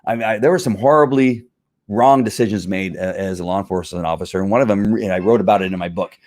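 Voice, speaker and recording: A man's voice: fairly low pitch, quick pace, darkish tone. A middle-aged man, a former police officer, hosting his own show and talking casually in a frustrated, emphatic rant. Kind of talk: casual livestream commentary.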